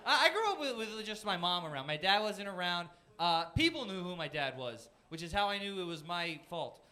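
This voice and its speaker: A man in his twenties from Florida doing a self-deprecating stand-up set on a comedy club stage, punchy, with quick jumps into silly voices. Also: high-pitched, expressive, pushed and bright. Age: 20s. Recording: noisy live comedy club with crowd laughter. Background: audience laughter.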